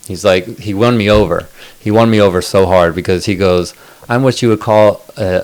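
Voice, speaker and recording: Low-voiced man telling a rambling story. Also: clean tone. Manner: rambling, profane, lots of fillers. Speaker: podcast co-host. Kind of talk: casual storytelling chat.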